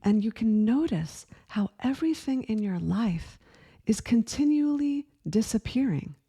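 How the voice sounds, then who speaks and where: A woman in her forties giving a gentle, earnest spiritual talk that often asks the listener questions. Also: on the high side, animated, measured pace, slightly rough. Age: 40s. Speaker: spiritual teacher. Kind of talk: reflective spiritual talk to camera.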